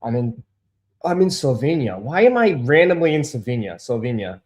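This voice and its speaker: A man hosting a casual sneaker livestream who swears, gets easily frustrated and calls his viewers bro and dude, turning loud and insistent when he makes a point. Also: medium pitch, big pitch swings, moderate pace. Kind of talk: casual live-stream chat. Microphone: desk microphone.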